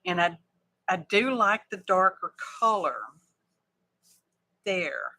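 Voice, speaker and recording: Slow, chatty woman crafting live. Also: mid-range voice, bright, forceful tone. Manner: chatty, thinks aloud, folksy asides. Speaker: craft livestream host. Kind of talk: casual craft livestream chat.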